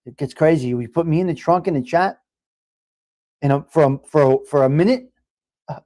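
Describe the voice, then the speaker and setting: A man hosts a casual livestream and chats loosely with his viewers. His voice sits a bit high for a man, and he jokes with them in mob-style banter, swearing freely. The recording is close and dry. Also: moderate pace, warm tone, no echo. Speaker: livestream host. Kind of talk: casual livestream chat, reading viewer comments.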